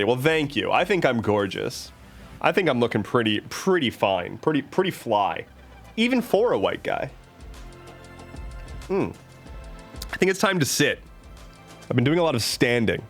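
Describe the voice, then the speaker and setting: A man chats casually on his live stream, rambling and joking in a playful way. His voice sits slightly high and bounces lively up and down, with faint music playing under him. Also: moderate pace, pauses often.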